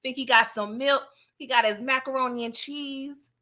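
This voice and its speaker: A woman hosts a relaxed late-night livestream, reading chat comments aloud in a slangy, playful way. She's animated and laughs often, and her voice is high at a normal speed.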